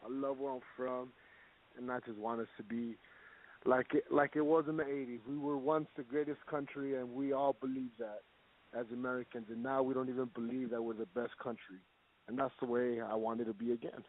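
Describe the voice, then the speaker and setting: A man's voice: mid-range voice, level tone, fairly quick. Man of Mexican origin, blunt and rambling, profane, tinny phone-like audio. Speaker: boxer, guest segment. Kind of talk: casual recorded opinion segment.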